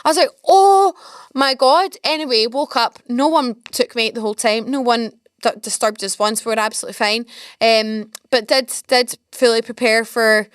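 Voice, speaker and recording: A young Scottish woman hosting a podcast, rambling through stories in an excitable, chatty way. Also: on the high side, normal speed, clear, resonant tone, no room sound, studio quality. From Scotland. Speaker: podcast host. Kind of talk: casual storytelling chat.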